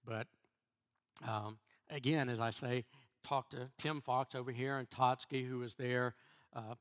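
A middle-aged man, a church elder, preaching a sermon in a halting way, repeating words and restarting before stressing key phrases. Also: medium pitch, fairly even intonation, a bit bright.

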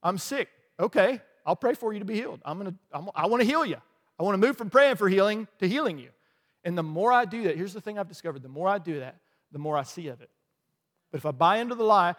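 A pastor preaching a lively sermon in a church, with rhetorical questions, asides and small laughs. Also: male voice, high voice, a little fast. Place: church sanctuary. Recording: long hall reverb.

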